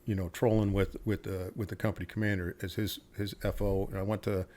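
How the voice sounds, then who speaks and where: A man's voice: low voice, little pitch movement, brisk, darkish tone. A middle-aged man from the United States, a retired Army officer and podcast guest. He tells stories casually and bluntly, with swearing and quoted dialogue. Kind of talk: casual interview storytelling.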